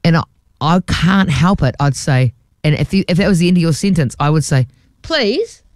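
A woman's voice: deep voice, brisk, a little mellow, no echo, clean studio sound. A woman co-hosting breakfast radio, chatty and self-deprecating. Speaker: radio host. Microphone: studio mic.

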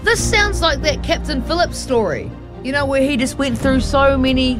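A woman co-hosting a radio breakfast show, reacting to a story with quick comments and questions. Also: high voice, animated, music in the background. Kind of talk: casual on-air banter.

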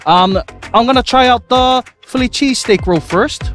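A man's voice: very high-pitched, moderate pace, over loud music. A man hosting a live radio cross from an outdoor community event, upbeat and joking. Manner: upbeat, joking, talks with his mouth full. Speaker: radio host.

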